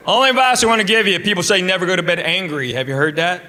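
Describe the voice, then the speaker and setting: A man's voice: high voice, fast, few pauses, loud music behind the voice. A man doing stand-up comedy and crowd work, with a dry, mock-insulting way of teasing the audience. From Tennessee. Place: live comedy stage. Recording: loud background noise on stage.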